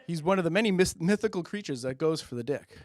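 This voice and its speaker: A man's voice: a little high, animated, quick pace, no room sound, studio quality. A man doing a rambling, self-amused stand-up monologue into a handheld mic on a public-access show. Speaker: comedian host.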